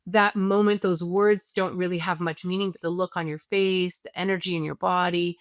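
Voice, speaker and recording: Animated woman explaining with examples. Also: on the low side, moderate pace, dry recording, studio quality. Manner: animated, acts out parents and kids in quoted voices; earnest, explains step by step with examples. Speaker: parenting expert guest. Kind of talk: explanatory conversational teaching.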